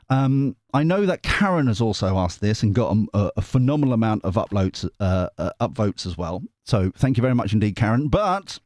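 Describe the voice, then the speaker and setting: A man hosting a tarot channel, talking in a rambling, animated way with many asides. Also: lowish voice. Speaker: tarot reader, channel host. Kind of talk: casual monologue before a card reading.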